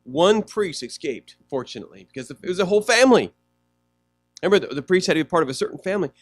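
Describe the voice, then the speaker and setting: Male pastor, fairly high voice, animated sermon delivery. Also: quick pace, dry recording, faint music behind. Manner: conversational preaching, asks the congregation questions.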